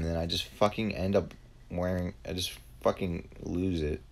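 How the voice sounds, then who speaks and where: A man's voice: low-pitched, steady tone, moderate pace, vocal fry. A young man giving casual, profanity-heavy commentary while playing a game, often erupting in frustration. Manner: swears a lot, flares into shouted frustration. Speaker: gaming video host.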